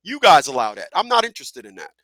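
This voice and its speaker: A man hosting a live talk radio show who talks in an animated, profane way, laughs often and repeats himself. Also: on the high side, fast talker, no echo.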